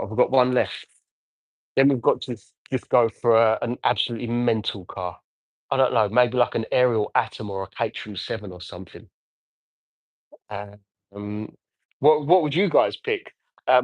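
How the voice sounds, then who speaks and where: English guy, 40s, live-stream car detailer; rambling, chatty, mid-pitched, dry close recording. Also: dry recording, muffled recording. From England. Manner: chatty, rambling, reads out and answers viewer comments. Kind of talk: casual livestream chat while working.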